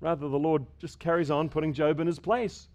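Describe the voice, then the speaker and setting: A man preaching a sermon, building up to loud, emphatic passages and dropping to quiet, measured ones, sometimes repeating words as he restarts. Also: a little high, fairly even intonation. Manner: dynamic preaching, rising and falling sharply in loudness. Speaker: pastor.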